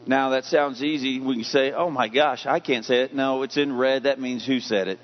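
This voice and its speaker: A man's voice: medium pitch, fairly even intonation, normal speed. A man preaching a sermon as pastor, emphatic, putting questions to his congregation. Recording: dull lo-fi recording.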